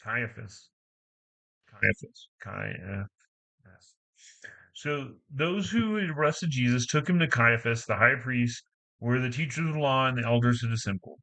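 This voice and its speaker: A man's voice: medium pitch, sharp tone, low-quality recording. A man reading a scripture passage aloud, stumbling now and then and correcting himself as he goes. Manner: halting reading with frequent stumbles and self-corrections. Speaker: Bible reader.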